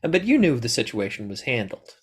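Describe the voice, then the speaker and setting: Man voicing fawning courtier, eager and flattering. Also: medium pitch, a little fast, slightly rough.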